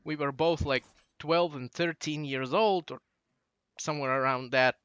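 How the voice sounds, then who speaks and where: Slow-talking young Russian-accented man. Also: a little high, fairly bright tone, clean tone, dry recording, dull audio. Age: late teens. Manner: digressive, loses his train of thought. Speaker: channel host. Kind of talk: casual rambling monologue.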